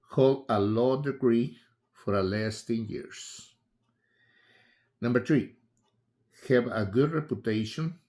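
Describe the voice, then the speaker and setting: Slow-talking man. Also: on the low side, darkish tone. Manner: unhurried, halting, with frequent fillers and restarts. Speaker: political commentator. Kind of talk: casual spoken commentary.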